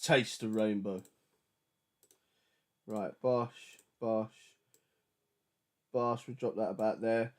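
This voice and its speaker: A man chatting loosely and excitedly while producing music on a livestream, with slangy, jokey banter. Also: fairly low pitch, slow pace, long pauses. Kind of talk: casual livestream chat.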